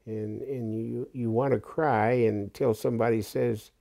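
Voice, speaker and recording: Gravelly-voiced elderly man recalling war. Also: mid-range voice, steady tone, measured pace, mellow. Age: 80s. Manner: plain-spoken, blunt storytelling with occasional profanity. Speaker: war veteran interviewee. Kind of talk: documentary interview recollection.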